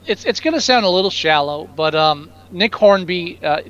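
A man co-hosting a film chat, halting and repeating his words before landing dry put-downs. His voice is fairly high, and the mic sounds dull and muffled. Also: animated, fairly bright tone, smooth. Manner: hesitant, stammering, dry. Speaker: podcast co-host. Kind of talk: casual movie review chat.

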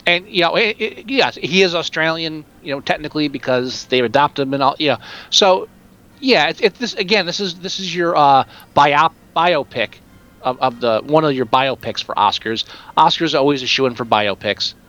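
A man's voice: on the high side, moderate pace, pushed and bright, dull audio. A man co-hosting a casual film chat podcast, wry and teasing. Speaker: podcast co-host.

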